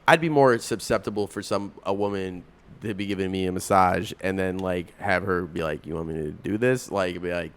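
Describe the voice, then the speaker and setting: Low-voiced man rambling frankly. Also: moderate pace, clean tone. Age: 30s. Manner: frank and rambling, heavy on "like" and restarts. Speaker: podcast host. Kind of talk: casual podcast chat. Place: coffee house.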